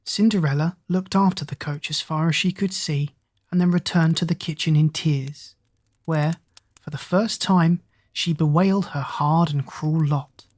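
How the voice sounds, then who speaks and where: A woman narrating a bedtime fairy tale for children in a calm, soothing way. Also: deep voice. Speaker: storyteller.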